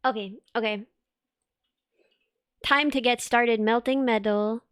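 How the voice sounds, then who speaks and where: Young woman streamer, chatty and giggly, fairly high, smooth tone, dry close mic. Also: steady tone, slow, fairly bright tone, no room sound. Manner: giggly, chatty, rambling with filler words. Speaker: VTuber streamer. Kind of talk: casual live-stream chat.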